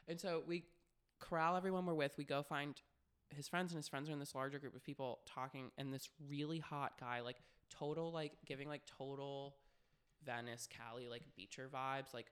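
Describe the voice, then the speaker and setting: A man's voice: mid-range voice, fairly even intonation, normal speed, bright, forceful tone, smooth. A young man co-hosting a podcast, telling frank, profane stories in casual chat with constant "like" fillers. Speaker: podcast co-host.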